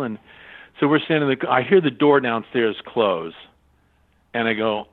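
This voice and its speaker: An older man from California tells stories at a mid pitch, jumping into impressions of the people he describes. His voice comes through a narrow, tinny phone-line sound. He sounds lively and conversational. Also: normal speed. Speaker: voice actor guest. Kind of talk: anecdotal storytelling.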